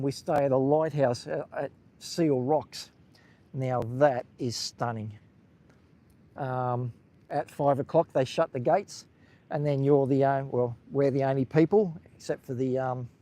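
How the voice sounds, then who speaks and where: A man's voice: medium pitch, warm tone. A man with an Australian accent, hosting a casual live stream while walking outdoors along a beach, chatting with viewers in a rambling way and talking into a handheld phone.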